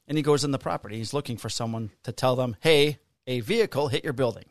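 Middle-aged male podcast co-host, casual profane storyteller, average pitch, dry close sound. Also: quick pace, no echo. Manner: animated storyteller, swears freely, acts out quotes in raised voice. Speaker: podcast co-host, police officer.

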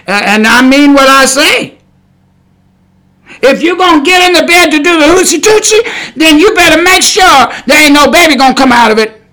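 A male preacher with a very high voice and a bright, forceful edge delivers a podcast sermon. His wording is blunt and folksy, full of rhetorical questions. He punches key words with sudden shouts.

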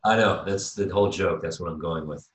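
Man, 30s, podcast co-host; low voice, rambling storytelling, sounds off-mic in a roomy space. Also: brisk, distant mic. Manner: rambling, animated storytelling with restarts. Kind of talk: casual storytelling chat. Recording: echoey room, voice off-mic.

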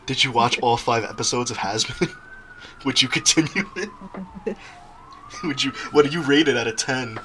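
A young man hosting a casual podcast, telling stories in an animated way and often laughing. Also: mid-range voice, moderate pace, long pauses, slight background noise. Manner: laughing, animated storytelling with quoted voices. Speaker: podcast host.

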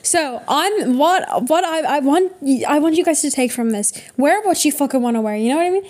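High-voiced teen girl rambling. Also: animated, fairly quick, darkish tone. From Ireland. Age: teens. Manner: rambling, sweary, many fillers. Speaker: co-host. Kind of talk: casual chat.

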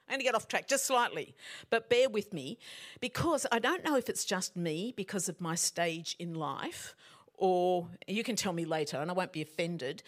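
A middle-aged woman preaching a sermon in a conversational way, often putting questions to her congregation. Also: on the low side. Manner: animated, conversational, asks the audience questions.

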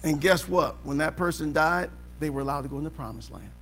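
A man preaching a sermon as pastor in a church auditorium, asking the congregation questions and building to shouts. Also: a little high, brisk, soft background music. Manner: preaching with rising shouts and call-and-response questions. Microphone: live service recording.

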